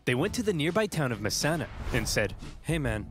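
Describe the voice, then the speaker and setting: A man's voice: on the high side, fast talker. Wry male history narrator over music. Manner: wry, deadpan jokes. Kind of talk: scripted comedic history narration.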